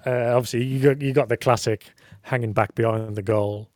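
A man's voice: mid-range voice, fairly even intonation, brisk, darkish tone, no echo, studio quality. A man chatting casually on a podcast, rambling and self-deprecating. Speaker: podcast co-host. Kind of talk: casual chat.

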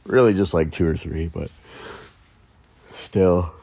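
Low-voiced man rambling casually. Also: slow pace, dark tone, dry recording. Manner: rambling, self-mocking, jokey asides. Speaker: podcast host. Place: at home early morning.

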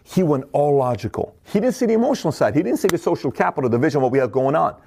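A middle-aged man giving a motivational talk, energetic and repetitive, acting out the voices of people in his stories. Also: fairly high pitch, fast talker, creaky, slight background noise. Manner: energetic, acts out quoted voices, repeats himself. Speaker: motivational speaker. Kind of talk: fast motivational monologue to camera.

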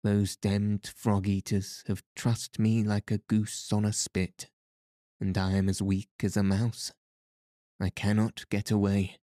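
A man's voice: on the low side, level tone, slow pace, warm tone, dry recording, clean studio sound. A man voicing a foppish aristocratic husband with a sleepy, affected drawl, in a storybook reading.

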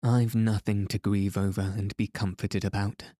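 A man voicing a proud, bitterly upset young woman in an audiobook, reading her lines slowly and low-key. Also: little pitch movement, dark tone, no echo, clean studio sound, lightly acted.

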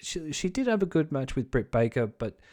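A man's voice: on the high side, big pitch swings, moderate pace, a little mellow. Blunt, swearing male podcast host. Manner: blunt, swearing, rambling with restarts. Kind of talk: casual opinion commentary.

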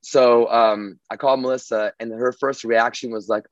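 A man's voice: mid-range voice, steady tone, moderate pace, no room sound, muffled recording. A man casually telling a long story, rambling and swearing, with many restarts. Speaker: guest telling his story.

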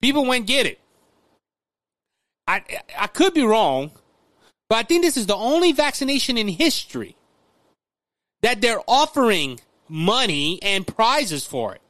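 A man's voice: high voice, very animated, a little slow, long pauses, a bit bright, dry recording. A man from Louisiana, hosting a political commentary podcast, stumbling through restarts and addressing listeners as folks. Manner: repetitive restarts, talks straight to listeners as folks. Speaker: podcast host.

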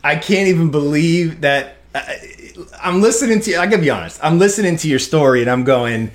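A man co-hosting a podcast in casual chat, excitable and constantly exclaiming in disbelief. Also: on the high side, fairly quick. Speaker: podcast co-host.

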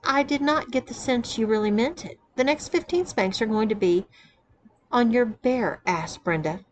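A woman reading the lines of a stern, mocking dominant wife who gives measured orders. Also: a little high, a little hiss or hum, natural voice, poor audio.

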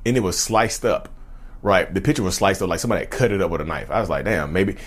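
A man with a fairly low voice tells a personal story to his viewers at a quick clip. He talks casually and acts out both sides of each exchange, jumping up high for the other voices. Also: husky. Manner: animated retelling, acts out dialogue, says "y'all". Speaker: vlogger sharing personal story.

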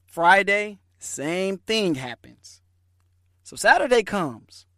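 A man hosts a podcast and tells a story in a lively, chatty way with plenty of slang. His voice sits a little higher than most men's. The sound is dry and close, with no room echo. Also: slow pace. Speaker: podcast host. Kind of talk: casual storytelling.

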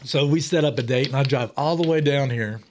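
Man, forties, podcast guest, casual storytelling, rambling and chatty, laughs often, middle pitch, studio. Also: brisk, background noise.

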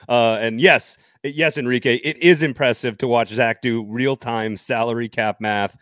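A man's voice: mid-range voice, a bit bright, no room sound. Jokey man reading sponsor spots. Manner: jokey, laughs often, fast sponsor patter. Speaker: podcast co-host. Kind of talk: casual sports talk with live ad reads.

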